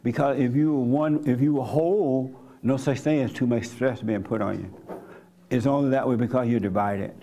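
Gravelly-voiced pastor, blunt and conversational. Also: male voice, medium pitch, fairly even intonation, normal speed, dark tone. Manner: blunt, conversational, colloquial, questions the congregation. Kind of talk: interactive church teaching. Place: church gathering.

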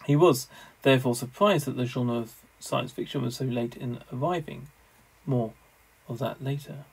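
A man lecturing on theology in a measured, scholarly way, with the odd wry aside. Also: medium pitch, gravelly, husky, rough recording.

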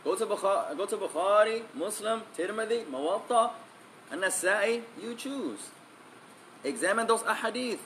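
A male Islamic teacher with a high, expressive, slightly bright voice gives a religious lesson at normal speed, with faint background noise. He is emphatic, repeats key phrases and switches between English and Arabic recitation.

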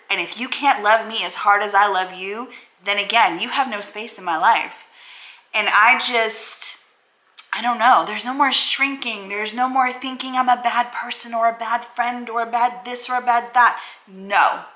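A woman's voice: mid-range voice, unhurried, bright, forceful tone. A woman vlogging straight to camera, emotional, blunt and self-affirming, who cusses freely. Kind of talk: candid talking-to-camera vlog. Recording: roomy echoey room.

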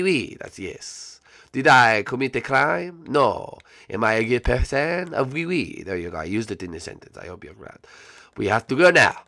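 A man's voice: mid-range voice, gravelly, a bit bright, dry recording. A man voicing a boastful, vain male Koopa turtle with a mock French accent and broken English in a Minecraft role-play. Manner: broken English, hammy, self-important. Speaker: regular character in a series.

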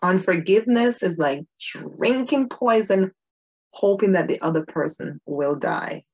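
A woman with a fairly low voice speaks in an earnest, personal devotional talk. She presses her points by repeating short phrases. The recording sounds dull and lo-fi. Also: lively intonation, measured pace, a little mellow, husky. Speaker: Christian video host.

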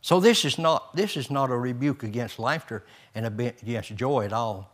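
A man's voice: medium pitch, moderate pace. An older man, a pastor preaching a folksy sermon with homespun stories, chuckles and rising emphasis.

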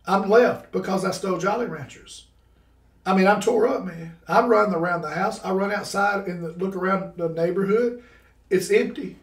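A man, a podcast guest, telling a personal story with lively, laughing energy and casual exclamations like "bro". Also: high-pitched, normal speed. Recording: roomy sound from a distant mic.

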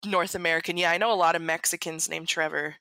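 Bright-voiced teasing woman co-host. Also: lowish voice, fairly even intonation, dry recording. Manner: joking, teasing, quick banter with profanity. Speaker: podcast co-host. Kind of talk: casual chat.

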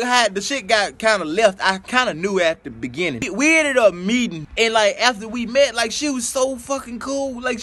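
A young man vlogging a comedic storytime, heavy on cursing and acting out his own inner voice in animated asides. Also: sits high. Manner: profane, animated, talks to himself in quoted asides.

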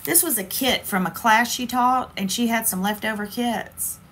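A woman's voice: fairly high pitch, moderate pace, fairly bright tone, a little hiss or hum. A woman hosts a casual crafting livestream, chatty and playful, talking straight to her viewers.

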